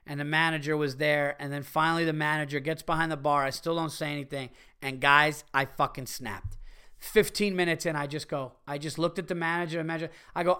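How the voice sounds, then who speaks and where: A middle-aged man hosting a podcast, telling a profane, animated story with bursts of exasperation. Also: on the high side, a little fast, clean tone. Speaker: podcast host. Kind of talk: casual comedic storytelling rant.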